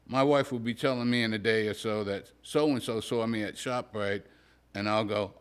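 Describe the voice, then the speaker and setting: A man, a poet at a live reading, reading a humorous prose story aloud in a dry, wry, deadpan way. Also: fairly low pitch, moderate pace, smooth. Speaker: poet reading his work.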